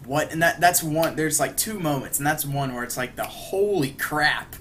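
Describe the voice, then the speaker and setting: A man's voice: fairly high pitch, a little fast, background noise. Rambling man retelling a cartoon episode. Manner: rambling, many "like" and "you know" fillers; briefly acts out characters' lines while retelling. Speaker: podcast co-host. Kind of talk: casual chat recapping an episode.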